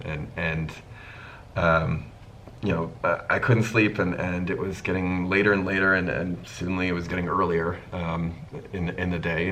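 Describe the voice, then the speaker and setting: Low-voiced man telling a casual story. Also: slight background noise, rough recording. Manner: animated storytelling, acting out the dialogue. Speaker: YouTube host.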